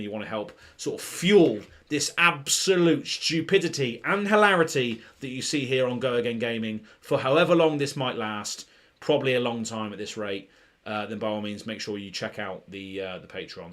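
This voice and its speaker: A man's voice: fairly low pitch, fairly bright tone. Jokey, rambling British man streaming. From Britain. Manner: rambling and jokey, full of "um" and restarts. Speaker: streamer hosting a card pack opening. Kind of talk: casual live-stream chat.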